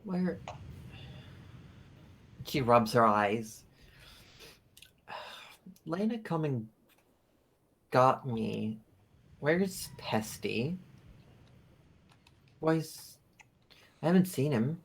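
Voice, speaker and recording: A man's voice: mid-range voice, very animated, very slow, vocal fry, pauses often, breathy edge, exaggerated voice. A man playing a fragile, grieving young woman who pleads and breaks into frantic repetition in a tabletop game. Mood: weary.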